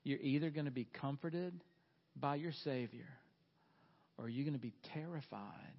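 A man's voice: mid-range voice, normal speed, creaky, highs cut off. A middle-aged man preaching a sermon, earnest and folksy, pressing his listeners with questions. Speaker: pastor.

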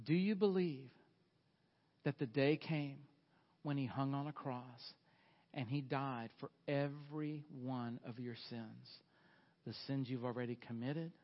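A man's voice: medium pitch, highs cut off. A middle-aged man preaching a sermon, earnest and folksy, pressing his listeners with questions. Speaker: pastor.

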